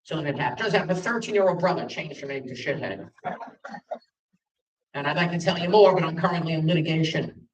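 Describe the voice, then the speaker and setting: Performing stand-up at a brisk clip, this middle-aged Long Island, New York native has a fairly high voice. He tells self-deprecating stories and acts out dialogue, captured by a far-off mic in a spacious venue.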